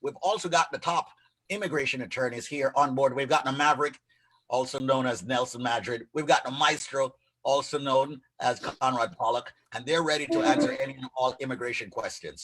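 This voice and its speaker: A man co-hosts a morning radio show with a bright, forceful voice. He talks like an announcer, energetic and full of banter. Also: medium pitch, brisk, breathy edge, low-quality recording. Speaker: radio personality, co-host. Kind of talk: radio call-in show talk.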